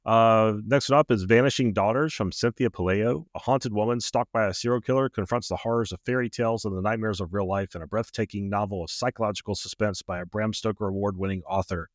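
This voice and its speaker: Man, podcast co-host, low voice, dry close mic, relaxed casual chat with easy laughs. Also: fast talker, few pauses, no echo. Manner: relaxed, reads book blurbs aloud with frequent "uh"s and easy laughs.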